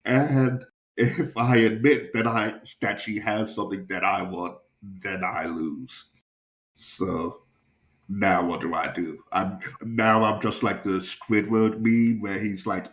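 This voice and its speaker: A man's voice: lowish voice, steady tone, measured pace, fairly bright tone, reverberant. A young man and stand-up comedian, hosting a podcast and telling a profane anecdote in a casual, chuckling way.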